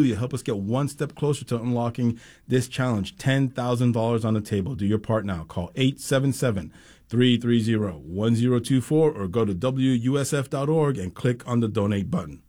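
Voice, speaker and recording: A man's voice: medium pitch, mellow. A man hosting a public radio pledge drive, upbeat and persuasive. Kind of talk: pledge drive on-air appeal.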